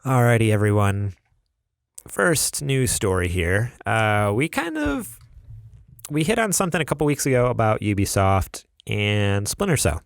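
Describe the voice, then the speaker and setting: A man's voice: lowish voice, very animated, measured pace, gravelly, dry recording, studio quality. A young adult man co-hosting a gaming podcast, laid-back and chatty, laughing often and reading news with lots of ums. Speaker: podcast co-host. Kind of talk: casual podcast chat.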